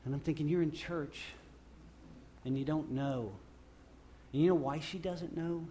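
Man preaching, swinging loud and soft. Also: a little slow, slight background noise. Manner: animated preaching that swings between loud emphatic bursts and quiet low passages; repeats and restarts phrases while speaking off the cuff. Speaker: pastor. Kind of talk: sermon.

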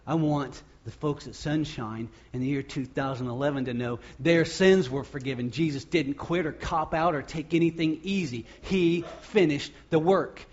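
A man preaching a sermon as pastor, acting out the crowd's shouts and the quoted words. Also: on the high side, moderate pace, hardly any pauses, muffled recording.

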